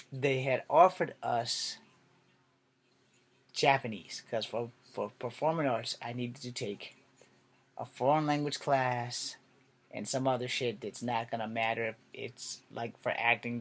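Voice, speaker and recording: Guy vlogging a story from his life, loose and rambly, cusses a lot, mid-pitched voice. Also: a bit bright. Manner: candid, rambling, swears freely. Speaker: vlogger telling a personal story. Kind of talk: casual storytelling monologue.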